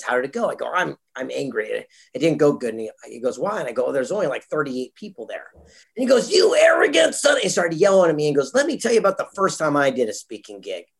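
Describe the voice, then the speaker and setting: A man's voice: mid-range voice, slightly rough. A man, a guest entrepreneur, telling a motivational story and acting out the people in it. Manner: animated storyteller, acts out quoted voices.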